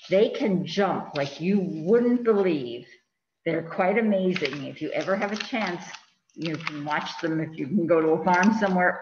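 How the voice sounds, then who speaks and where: A woman librarian reading a picture book aloud to children in an animated, chatty way, asking them questions, in front of a green screen. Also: fairly low pitch, reverberant, highs cut off, a little hiss or hum.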